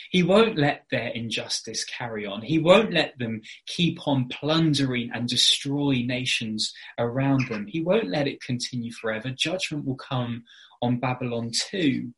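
A man's voice: a little high, fairly bright tone. A man preaching an evening sermon, earnest and explanatory, with frequent fillers and restarts.

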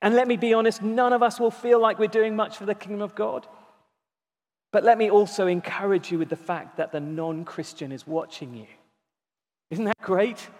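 A man preaching a sermon, emphatic, slowing down to stress key words and repeating them. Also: high-pitched. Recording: long reverb in a large hall.

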